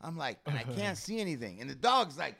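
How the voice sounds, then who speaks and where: A man with a gravelly, creaky voice tells a profane, animated story on a casual podcast. He keeps checking in with his listeners as he talks. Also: fairly high pitch, fairly quick, a crowd in the background. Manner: profane, animated storytelling, says "bro" and "right".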